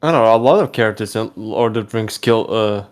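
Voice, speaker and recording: A man's voice: fairly low pitch, brisk. Blunt, hesitant male co-host. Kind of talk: casual reaction commentary.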